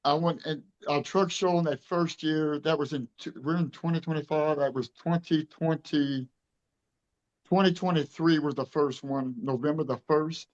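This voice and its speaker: A man in his fifties tells his story in a casual interview. He is earnest and emotional, and he acts out the back-and-forth dialogue as he goes. His voice sits a little high, and the recording sounds dull and muffled. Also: fairly even intonation, moderate pace. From Louisiana. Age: 50s. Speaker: truck show director being interviewed.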